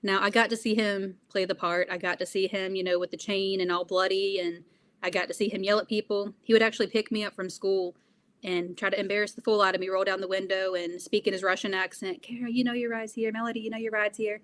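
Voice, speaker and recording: A woman's voice: medium pitch, little pitch movement, fairly quick, a bit bright. A young woman being interviewed, answering in an earnest, reflective way with frequent fillers. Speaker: interview guest.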